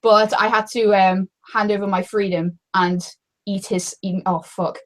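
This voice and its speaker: Talkative Scouse woman in a loose group chat; mid-pitched, giggly, lots of ums. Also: little pitch movement, a little slow. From Liverpool, England. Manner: chatty, laughs often, trails off with fillers. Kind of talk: casual chat.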